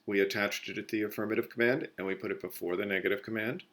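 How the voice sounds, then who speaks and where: Fast and steady, with a fairly low pitch and a fairly bright tone, a man walks students through a recorded Spanish grammar lesson. He explains each step in turn and corrects himself mid-sentence.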